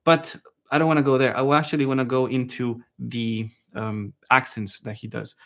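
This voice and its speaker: A man giving a live online saxophone lesson, relaxed and chatty, often checking in with his viewers and singing phrases to show them. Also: medium pitch, normal speed. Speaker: saxophone teacher.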